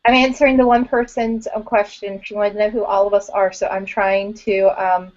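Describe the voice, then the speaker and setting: A woman's voice: mid-range voice, flat delivery, moderate pace, darkish tone, muffled recording. A woman on an online panel, teasing and matter-of-fact, reading the chat.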